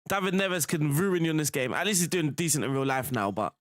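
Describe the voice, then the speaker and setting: An excitable man chats his way through a football management game, often breaking into shouts at the action. His voice sits a touch high, and the room is dry and close. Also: brisk, no room sound. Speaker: gaming streamer. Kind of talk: live game commentary.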